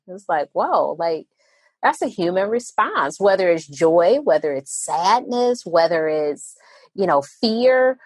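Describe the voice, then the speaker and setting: A woman's voice: medium pitch, normal speed, dry recording. Therapist guest, woman, dry close mic; talks animatedly and slips into little voices when quoting people. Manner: animated, acts out quoted voices of others. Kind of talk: podcast interview conversation.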